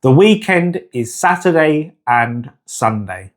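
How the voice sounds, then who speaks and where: A man teaching a beginner Spanish lesson, speaking slowly and patiently and pausing so the listener can repeat after him, with frequent encouragement. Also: a little high, very animated. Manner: slow, patient, repeats words for the listener to echo.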